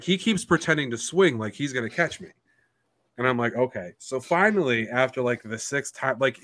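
A man's voice: mid-range voice, fairly bright tone, no echo. A man telling a story in a casual podcast chat, blunt and profane, acting out the lines of everyone in it. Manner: acts out quoted dialogue. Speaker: podcast guest.

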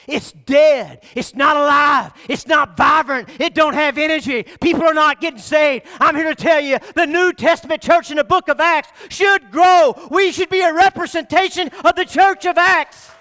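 High-voiced, fiery preaching pastor. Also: male voice. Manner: fiery preaching that swings from shouted peaks to quiet, low asides. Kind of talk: sermon. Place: church sanctuary.

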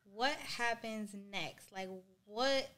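A woman's voice: on the high side, takes it slowly. Attentive woman podcast host. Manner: attentive, guiding with follow-up questions and soft affirmations. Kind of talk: interview questioning.

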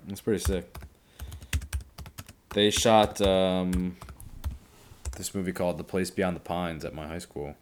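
Young male co-host, very deep voice, laid-back reactions, faint hum underneath. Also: little pitch movement, unhurried, pauses often. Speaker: podcast co-host. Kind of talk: casual chat.

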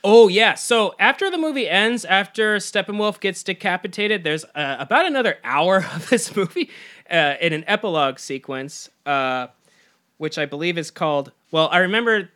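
A man co-hosting a casual movie podcast, chatting loosely, laughing often and doing quick mock impressions of characters. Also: fairly high pitch, bright, forceful tone, clear, resonant tone. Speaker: podcast co-host. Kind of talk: casual movie review chat.

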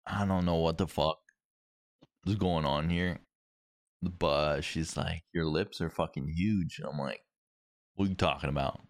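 Young male co-host, deep voice, profane rambling storyteller, dry sound. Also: takes it slowly, no echo. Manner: profane, rambling, swears constantly. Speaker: podcast co-host. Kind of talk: casual storytelling chat.

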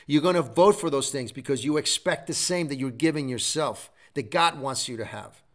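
A man's voice: medium pitch, normal speed. A middle-aged man hosting a show, giving a preachy motivational talk full of repeated exhortations. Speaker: show host.

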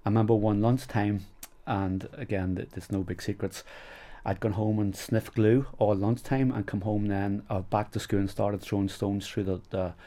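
A man's voice: lowish voice, fairly even intonation, normal speed, dark tone. A middle-aged man with a Northern Irish accent, telling stories in a casual interview, rambling and full of "you know" fillers. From Northern Ireland. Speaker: guest.

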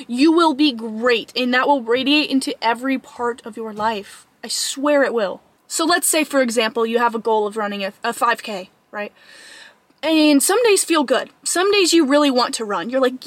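A young woman fitness vlogger delivers an earnest, emphatic motivational talk to camera in a high, animated voice. She acts out her inner voice in quick asides, and there's no echo.

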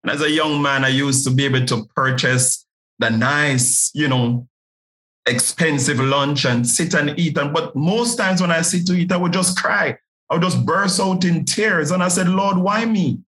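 A man's voice: a little high, moderate pace, fairly bright tone, poor audio. A man from Jamaica with a Jamaican accent, speaking as a pastor and podcast guest, earnest and often repeating words as he starts a thought. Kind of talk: podcast interview guest, preaching.

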